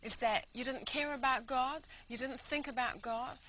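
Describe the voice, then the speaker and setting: A woman's voice: sits high, fairly even intonation, moderate pace, pushed and bright, slight background noise. Earnest woman co-host. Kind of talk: talk show.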